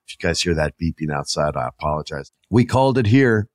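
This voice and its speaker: A man's voice: extremely low pitch, expressive, brisk, no echo, studio quality. A man hosting a podcast in casual chat, rambling and talking straight to his listeners. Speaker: podcast host.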